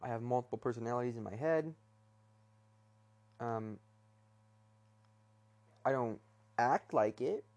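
A man's voice: medium pitch, measured pace, long pauses, darkish tone. Hesitant young man rambling solo. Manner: hesitant, many fillers and restarts, self-conscious. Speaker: podcast host. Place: bedroom.

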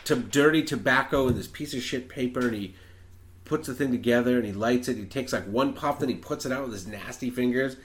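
A man chatting on a podcast in a relaxed, easygoing way, walking through a story with mild swearing. His voice sits at a plain middle pitch. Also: brisk. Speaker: podcast co-host. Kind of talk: casual chat.

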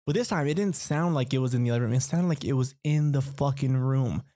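A man's voice: mid-range voice, fast, dark tone, dry recording, studio quality. A young man casually telling a long personal story, rambling and profane, full of fillers like "like" and "you know.".

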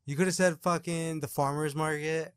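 A man's voice: on the high side, steady tone, moderate pace, smooth, no room sound, clean studio sound. Young guy podcast cohost, blunt, calls bs, swears a ton. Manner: skeptical, blunt, swears a lot. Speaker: podcast co-host. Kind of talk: casual podcast chat.

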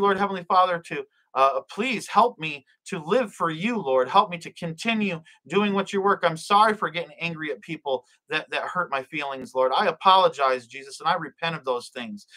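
Livestream preacher, male, bright forceful voice, fervent and repetitive, stumbles over words. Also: a little high, low-quality recording. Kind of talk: live-streamed prayer and preaching.

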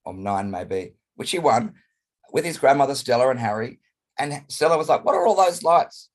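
An Australian man with a hoarse, croaky voice from a chest cold, chatting expressively as an interview guest over a video call. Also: medium pitch. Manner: chatty and expressive, colourful phrasing. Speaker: guest performer. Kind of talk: casual interview chat.

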